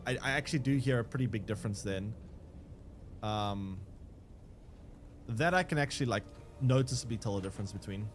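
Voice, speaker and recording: A man's voice: lowish voice, brisk, pauses often, faint music behind. A young man, chatting casually with his live chat while playing a game, rambling with restarts and fillers. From South Africa. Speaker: streamer.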